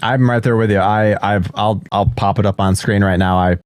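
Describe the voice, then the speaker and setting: A man hosting a casual movie chat, asking relaxed questions and agreeing easily. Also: lowish voice, moderate pace, dry recording, clean studio sound. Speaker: host.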